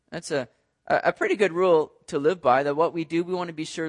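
A man preaching an expository sermon in a conversational, animated way, often repeating words. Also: on the high side, fast talker. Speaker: pastor.

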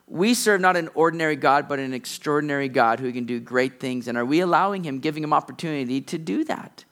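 Male pastor, middle-aged, high voice, lively sermon delivery that acts out the characters' lines. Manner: animated preaching, acting out characters' lines.

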